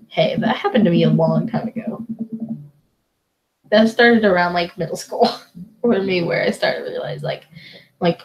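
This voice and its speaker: A woman's voice: on the low side, normal speed, pauses often, lo-fi sound, soft background music. Jokey woman doing let's play commentary. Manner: jokey, laughs at herself. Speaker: gamer playing a dad dating sim.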